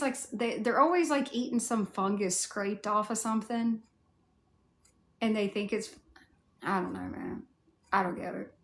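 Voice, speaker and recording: A cosplay streamer with a Southern US accent answers viewer chat on a casual livestream, rambling and saying "like" constantly. Her mid-range voice is a bit bright, and the recording has a roomy sound.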